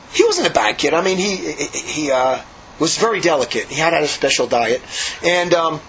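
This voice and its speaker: Fast-talking high-voiced man, rambling monk. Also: highs cut off, a little hiss or hum. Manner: rambling, repeats and restarts, excitable. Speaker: monk recounting monastery life. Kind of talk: casual storytelling.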